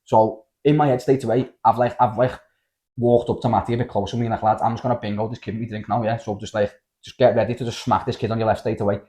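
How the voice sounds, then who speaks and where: A young man with a Scouse accent, telling a story in casual podcast chat, animated and full of slang and swearing. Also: lowish voice, quick pace. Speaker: podcast host.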